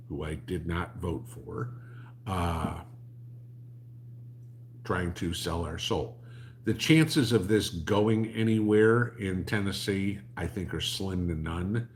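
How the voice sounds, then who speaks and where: A man's voice: sits low, slight background noise. A man, hosting a livestream and answering chat in a blunt, rambling, sarcastic way.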